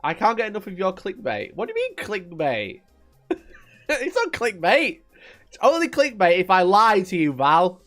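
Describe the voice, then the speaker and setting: A man hosting a live wargaming stream, bantering with his viewers and swearing now and then. His voice sits a touch high and swings up and down as he talks. Faint music plays behind him. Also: wildly swooping pitch, normal speed, a bit bright. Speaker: wargaming livestream host. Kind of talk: casual live-stream chat.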